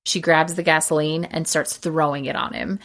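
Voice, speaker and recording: A woman with a low voice hosts a casual podcast and walks through a film plot. Her retelling is animated, and she slips into the characters' lines as she goes. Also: moderate pace. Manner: animated retelling, acting out quotes. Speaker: podcast co-host.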